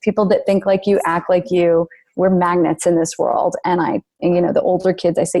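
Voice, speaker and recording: Earnest, animated woman author, guest on a podcast. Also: on the low side, brisk, few pauses. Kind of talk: podcast interview.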